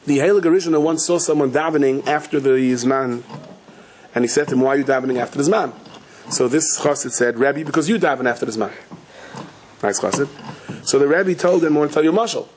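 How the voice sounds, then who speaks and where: A man giving a storytelling sermon as a rabbi, speaking. He acts out the quoted voices in his stories with lively pitch jumps and often restarts and corrects himself mid-sentence. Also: fast talker, a little hiss or hum. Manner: frequent restarts and self-corrections. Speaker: rabbi giving a Torah talk.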